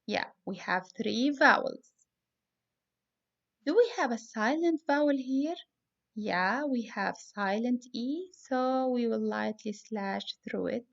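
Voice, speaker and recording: Female teacher, phonics lesson for kids; slow and deliberate, spells out letters; slightly muffled lo-fi sound. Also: fairly high pitch, gravelly. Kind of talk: phonics lesson for young students.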